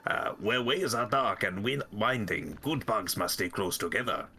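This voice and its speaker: A man's voice: fairly low pitch, expressive, bright, forceful tone, a little hiss or hum. A man putting on a grand flea caravan leader with a mock French accent. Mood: courteous. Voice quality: clumsy mock French accent drifting into Russian. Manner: slow, grand and courteous. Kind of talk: voicing game characters on a live stream.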